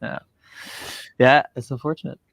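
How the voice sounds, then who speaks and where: A man's voice: mid-range voice, little pitch movement, normal speed, creaky, fairly bright tone, no room sound. A man co-hosting a livestream, asking questions and chatting casually. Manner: inquisitive, frequent listener replies. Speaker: livestream co-host. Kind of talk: casual chat.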